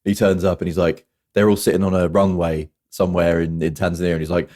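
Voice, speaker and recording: A man's voice: low voice, level tone, fast, darkish tone. A man hosting a casual film review podcast, chatty and full of trivia, quoting lines in put-on voices. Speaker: podcast host.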